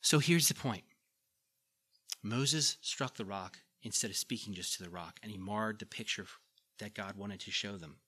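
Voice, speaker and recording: A man's voice: fairly low pitch, normal speed, pushed and bright, breathy edge. A male pastor preaching a conversational sermon, reading scripture aloud with emphasis and putting questions to the congregation.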